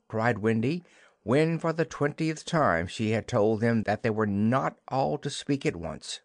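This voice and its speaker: A man narrating a classic children's novel as an audiobook, in an expressive storytelling manner. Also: lowish voice, normal speed, no echo, clean studio sound.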